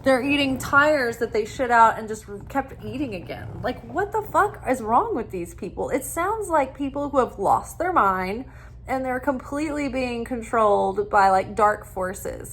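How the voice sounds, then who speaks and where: Woman, higher-pitched, casual spiritual talk, animated, blunt, swears freely. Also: a little slow, slight background noise. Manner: impassioned ranting. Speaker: spiritual teacher.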